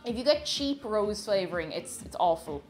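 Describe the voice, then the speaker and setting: This streamer has a mid-range voice with lively intonation and talks at a moderate pace, with faint music in the background. She bakes in her home kitchen on a livestream, chatting casually, raving about food and reading viewer comments aloud.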